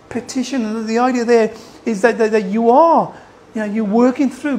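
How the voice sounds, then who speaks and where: An animated preacher delivers a sermon, firing question after question at the congregation. The voice sits at a middle pitch and keeps circling back over its own phrases. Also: normal speed, a little hiss or hum, poor audio. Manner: animated, asks the listeners questions; repeats and restarts phrases.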